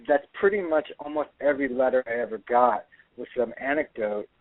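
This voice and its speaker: A middle-aged actor and filmmaker, talking earnestly as a guest in a radio interview, rambling with many restarts. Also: male voice, mid-range voice, a little fast, noisy background. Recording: tinny dry phone line.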